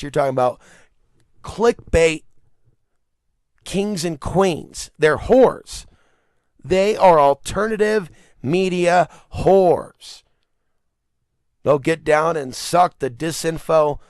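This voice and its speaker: A man's voice: on the high side, takes it slowly, long pauses, no room sound, studio quality. Man ranting on his podcast. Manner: rambling, animated, swears and laughs. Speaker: podcast host. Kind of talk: casual monologue rant.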